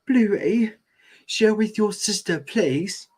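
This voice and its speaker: Man playing a tired cartoon mom dog, gentle, patient, raised falsetto. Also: slow, husky, full character voice. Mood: soothing.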